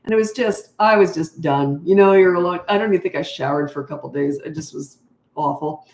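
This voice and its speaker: A woman's voice: low voice, brisk, a little mellow. An older woman, a parenting coach, answering interview questions in a frank, chatty way and laughing easily. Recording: roomy echo.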